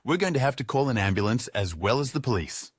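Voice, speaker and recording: A man's voice: mid-range voice, big pitch swings, fast talker, slightly rough, no room sound, clean studio sound. A man voicing a blunt, tough security guard in an audiobook. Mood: stern.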